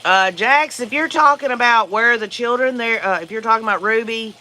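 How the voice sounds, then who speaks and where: A man with a Southern US accent hosts a casual livestream, responding to viewer comments in a rambling, opinionated way full of fillers. His voice is extremely high, fairly quick, bright and forceful, with slight background noise.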